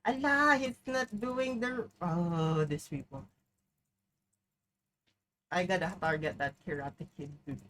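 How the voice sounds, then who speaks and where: A woman's voice: lowish voice, slow pace, pauses often, fairly bright tone, slight background noise, poor audio. A woman streamer talking through a live game, exclaiming, swearing and poking fun at herself. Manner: swearing, exclaiming, self-mocking. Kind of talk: live gameplay commentary.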